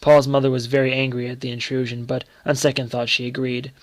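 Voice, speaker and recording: A man reading a short story aloud in a measured, dramatic storytelling manner. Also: medium pitch, level tone, dry recording. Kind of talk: scripted narration of a short story.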